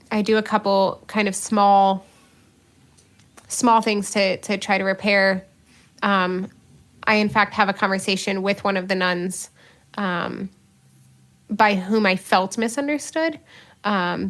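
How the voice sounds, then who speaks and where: A woman's voice: medium pitch, a bit bright. A woman who is a religious sister, co-hosting a podcast and telling a personal story in casual conversation, earnest and self-mocking, with many fillers.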